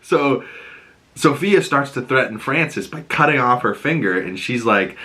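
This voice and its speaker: Man recapping a show, bright forceful voice. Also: mid-range voice, a little slow. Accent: Boston. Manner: animated, acts out characters' lines in raised voices. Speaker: TV show reviewer. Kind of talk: casual recap and commentary.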